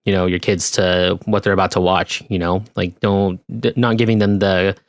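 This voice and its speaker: A man's voice: low voice, little pitch movement, moderate pace, dry recording, studio quality. A young man co-hosting a podcast, talking casually and thoughtfully with lots of "you know.". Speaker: podcast co-host. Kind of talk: casual conversational podcast chat.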